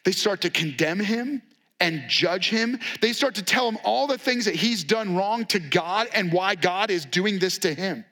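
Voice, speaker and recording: A man preaching with a high, bright voice. He tells the story in an animated way and acts out the quotes with a sarcastic edge. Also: measured pace. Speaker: pastor. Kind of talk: sermon.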